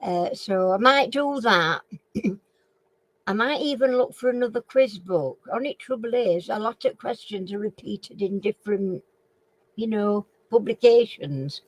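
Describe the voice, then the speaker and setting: A woman's voice: mid-range voice, measured pace, dry recording, poor audio. Chatty Northern English woman, throaty. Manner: chatty, rambling, often clears her throat. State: frog in her throat. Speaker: live chat and quiz host. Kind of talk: casual live-stream chat.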